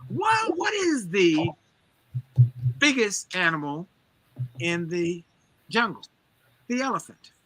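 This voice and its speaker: A man's voice: sits high, very animated, takes it slowly, long pauses, fairly bright tone, no echo. A man giving a motivational talk as an interview guest, driving his points home with emphatic, preacher-like repetition. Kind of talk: energetic motivational storytelling.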